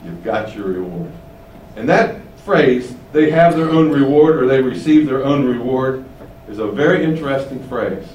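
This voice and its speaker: A man's voice: mid-range voice, lively intonation, moderate pace, a little mellow, reverberant, far from the mic, slight background noise, low-quality recording. A man preaching an expository sermon in a conversational way, often asking rhetorical questions and building up emphasis. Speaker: pastor.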